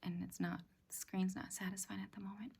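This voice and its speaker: A middle-aged woman hosting a reflective self-help talk, speaking softly and often in a half-whisper, gentle and halting. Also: mid-range voice, level tone, vocal fry, husky. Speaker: self-help practice host. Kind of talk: soft-spoken personal reflection.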